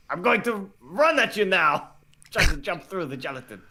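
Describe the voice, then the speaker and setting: A giggly man playing a comedic tabletop game. He talks slowly, with a bright tone and wide, bouncy pitch. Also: big pitch swings. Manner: giggly, playful, frequent laughter. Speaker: player, game designer. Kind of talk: casual comedic play.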